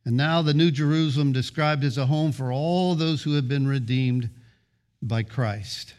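A man's voice: medium pitch, normal speed, darkish tone. A man preaching a sermon, building emphatic rhythmic lists of short phrases and often restarting his words as he presses a point. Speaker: pastor.

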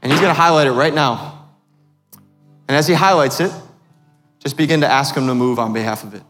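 A man's voice: mid-range voice, fairly quick, fairly bright tone, in a large hall, faint music behind. A man preaching a sermon as pastor, asking the congregation questions as he goes.

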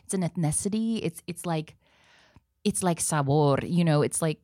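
Low-voiced animated woman storyteller. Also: normal speed, no room sound, studio quality. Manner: animated storyteller who drops into Spanish phrases. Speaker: acting professor and actress, podcast guest. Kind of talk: casual conversational interview.

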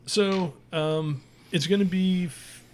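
A man's voice: high voice, takes it slowly, darkish tone. A man narrating a tabletop game as game master and podcast host, loose and rambling with many fillers.

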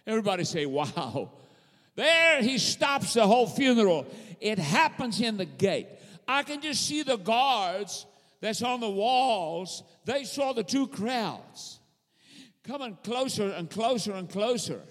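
Fervent high-voiced male preacher. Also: sing-song, a little slow, a bit bright. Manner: fervent, repetitive preaching with call-and-response to the congregation. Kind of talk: sermon. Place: church sanctuary. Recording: long hall reverb.

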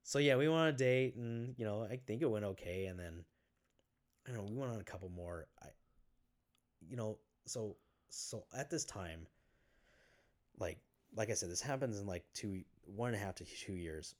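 On the low side, this man's voice comes through as he recounts his personal story as a guest on a podcast. The interview is casual, and his speech halts often, packed with fillers, restarts, and offhand swearing.

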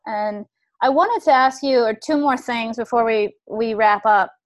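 A woman's voice: on the high side, measured pace. A woman hosting a conversation, telling a personal story in an earnest, reflective way. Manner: earnest and reflective, with frequent restarts.

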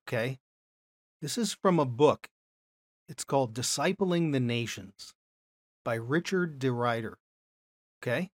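A man's voice: mid-range voice, no room sound. A man giving a Bible lesson as a teacher, explaining step by step and often checking in with "okay?". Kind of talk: classroom lecture.

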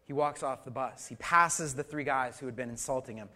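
A middle-aged male pastor preaching a sermon, swinging between loud emphatic lines and soft hushed ones, asking the congregation questions with light humor. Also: medium pitch, a little fast.

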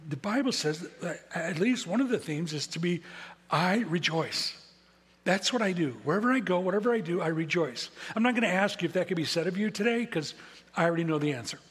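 A pastor delivers a sermon in a high, slightly husky voice, casual and self-mocking, leaning on repeated words to drive his point home. His voice carries with a long reverb through the church hall. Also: animated, fast talker. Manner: conversational, self-deprecating preaching with emphatic repetition. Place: church sanctuary.

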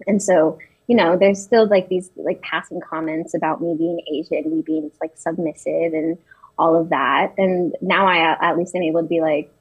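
A woman's voice: fairly low pitch, slightly rough, rough recording. A young woman in her twenties, telling personal stories in casual talk, hesitant with many restarts and fillers. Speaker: interviewee.

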